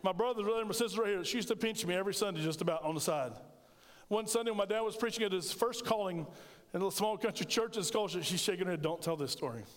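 Male pastor, middle-aged, high voice, animated storyteller, long church reverb. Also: fast talker. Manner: storytelling, animated, jokes with congregation. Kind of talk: sermon.

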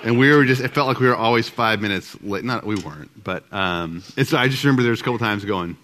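A man's voice: fairly low pitch, quick pace, fairly bright tone. A middle-aged man teaching a group about marriage alongside his wife, talking casually and self-deprecatingly with many fillers and restarts. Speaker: husband co-presenting with his wife.

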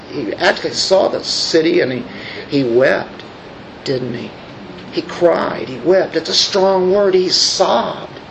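A man's voice: a little high, a little hiss or hum, poor audio. A man preaching a sermon as a pastor. He reads scripture aloud and puts questions to his congregation.

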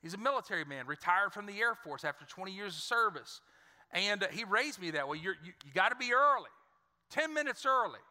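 A man's voice: high-pitched, sing-song, brisk, pushed and bright. A man preaching a sermon to his congregation, emphatic and repeating words, calling out for responses. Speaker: pastor. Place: church sanctuary. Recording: church hall reverb.

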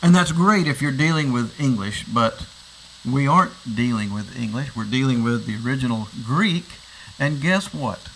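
A man's voice: mid-range voice, vocal fry, a bit bright, a little hiss or hum, rough recording. A man preaching a sermon, explaining a passage and posing rhetorical questions, often repeating words as he restarts. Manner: teaching, asks rhetorical questions. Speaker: pastor.

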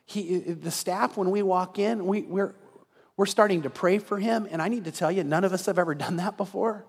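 High-voiced pastor preaching in a hall. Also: male voice, normal speed, vocal fry, breathy edge. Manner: storytelling that builds to an earnest altar call. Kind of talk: sermon. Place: church sanctuary. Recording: reverberant church hall.

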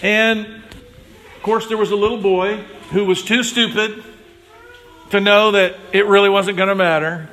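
A pastor with a steady, fairly bright voice preaches a little slowly, pausing often, in a conversational style. He calls on congregants by name and acts out the voices in his stories with big leaps in pitch.

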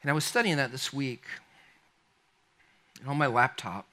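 Animated preacher, bright voice. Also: male voice, mid-range voice, normal speed. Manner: animated, conversational, addresses the congregation directly. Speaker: pastor. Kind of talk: storytelling sermon.

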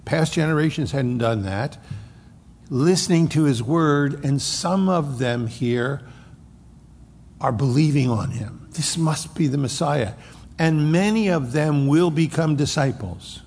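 A man's voice: fairly high pitch, a little slow, a little mellow, slightly rough. A male pastor preaching an expository sermon, explaining scripture verse by verse. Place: church sanctuary. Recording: reverberant hall with faint noise.

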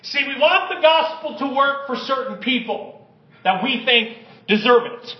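A man's voice: very high-pitched, expressive, unhurried. A male pastor preaching an impassioned sermon to a congregation, calling on them to respond. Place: church sanctuary. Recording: echoey church, slightly dull sound.

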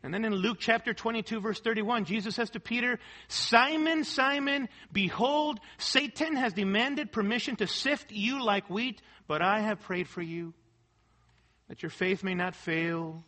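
Pastor guy preaching, high bright voice, keeps asking amen?. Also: normal speed. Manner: preaching with call-and-response "amen" and rhetorical questions; reads scripture and quotes aloud, sometimes half-singing a hymn. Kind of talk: sermon.

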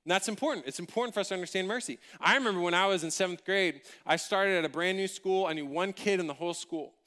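A man preaching a sermon, telling a personal story in an animated, humorous, conversational way. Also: high voice, fast talker. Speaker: pastor.

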